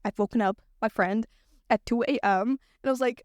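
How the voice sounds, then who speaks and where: A chatty young woman talks through her own podcast in a slightly high voice. She swears freely and acts out her own reactions in quick quoted asides. The sound is close and dry, with no room around it. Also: no room sound. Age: young adult. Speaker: podcast host. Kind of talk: casual solo podcast chat.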